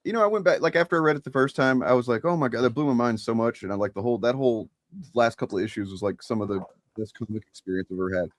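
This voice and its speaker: A man's voice: medium pitch, rapid-fire, no echo. A man in his thirties chatting casually as a podcast co-host, rambling and joking, often laughing. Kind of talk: casual chat.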